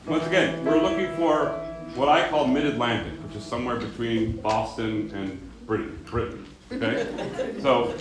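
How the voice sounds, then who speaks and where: A man from Colorado leading a choir rehearsal, chatting quickly between run-throughs and giving instructions to the singers. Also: medium pitch. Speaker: choir director. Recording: echoey room with choir music.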